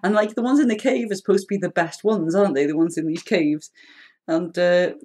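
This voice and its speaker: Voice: medium pitch, fairly quick, a little mellow, breathy edge. Chatty gameplay commentator. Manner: chatty, rambling, self-deprecating. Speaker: gameplay channel host. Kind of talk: casual gameplay commentary voice-over. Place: home.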